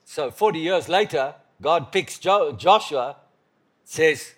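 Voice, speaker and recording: A man preaching a sermon as pastor, emphatic and repetitive, swinging from loud bursts to quiet murmurs. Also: on the high side, animated, takes it slowly.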